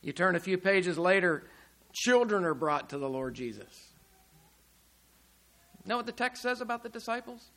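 Guy preaching a sermon, high voice, emphatic, goes loud then soft. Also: expressive, moderate pace, long pauses. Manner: emphatic, rising and falling loudness, rhetorical questions.

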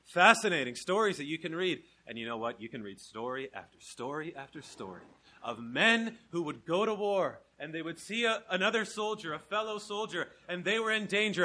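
A young man from Canada preaching an evangelistic sermon, swinging from soft, slow emphasis to loud, driving proclamation. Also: on the high side, lively intonation.

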